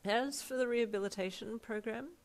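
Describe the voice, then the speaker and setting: A woman's voice: a little high, fairly quick, pitched above the performer's own voice, close to an everyday voice, low-quality recording. A woman voicing a middle-aged woman school principal who speaks in a restrained, matter-of-fact and wry way, as she reads a fan fiction aloud. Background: faint backing music.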